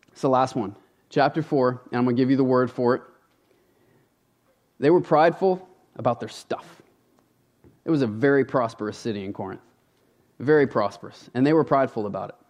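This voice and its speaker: A man's voice: medium pitch, darkish tone, lo-fi sound. A man preaching a sermon from a church stage, talking in a conversational, emphatic way and often appealing straight to the congregation. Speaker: pastor.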